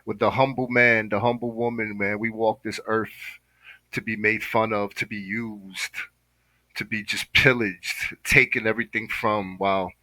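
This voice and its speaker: A man's voice: fairly low pitch, level tone, a little slow, bright, forceful tone, dry recording, rough recording. A man hosting a reaction video, talking in an impassioned, preachy way and saying "man" constantly. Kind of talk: casual reaction commentary.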